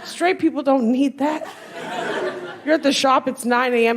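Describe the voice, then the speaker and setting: A woman's voice: high voice, moderate pace, long pauses, a faint crowd. A woman comedian doing a brash, profane stand-up set on a comedy club stage with a handheld mic. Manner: brash, profane, punchy delivery. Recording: noisy live club recording.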